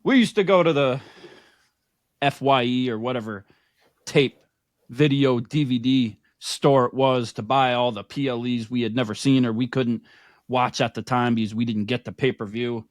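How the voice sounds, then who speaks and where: A man's voice: medium pitch, normal speed, dry recording, studio quality. A man co-hosting a podcast, telling stories in casual chat, joking and crude. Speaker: podcast co-host.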